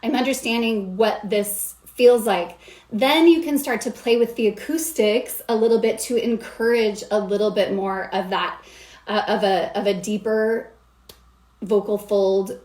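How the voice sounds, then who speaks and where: A woman's voice: mid-range voice, steady tone, unhurried, a little mellow. A woman vocal coach explaining singing technique in an upbeat way, stopping to demonstrate sounds as she goes. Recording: echoey room.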